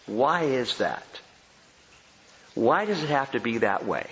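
A man preaching a sermon as pastor, emphatic and animated, repeating key phrases for effect. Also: mid-range voice, measured pace, pauses often, slight background noise. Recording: dull sound with long hall reverb.

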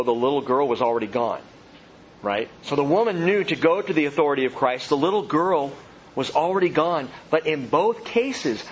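A man in his thirties, a pastor preaching an expository sermon, reading scripture aloud and then explaining it. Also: fairly high pitch. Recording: dull lo-fi sound with faint noise.

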